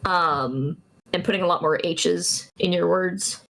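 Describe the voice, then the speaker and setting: Halting, giggly woman streamer. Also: fairly low pitch, a bit bright. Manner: rambling, halting, lots of restarts and giggles. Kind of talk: casual stream chat.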